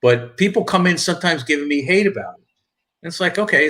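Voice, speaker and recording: A man's voice: fairly high pitch, lively intonation, brisk, sharp tone. A middle-aged man from New York with a thick New York accent, hosting a casual live stream chat, rambling with restarts and reading viewer comments. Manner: rambling, repeats and restarts, reads chat aloud.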